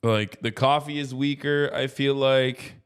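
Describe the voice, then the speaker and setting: A man's voice: medium pitch, steady tone, measured pace, clean tone. A man in his thirties streaming casual political commentary, ranting with heavy profanity.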